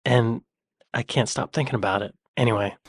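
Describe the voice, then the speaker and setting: A man's voice: medium pitch, fairly even intonation, fairly quick, slightly rough, no echo, clean studio sound. A man hosting a reaction video, chatting casually in a joking, sarcastic way. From United States.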